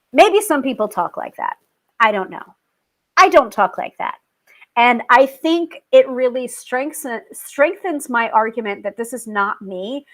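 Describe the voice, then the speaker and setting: A woman hosting her own tarot show, chatting casually to viewers, animated and quick to laugh. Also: a little high. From family British. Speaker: tarot reader and show host.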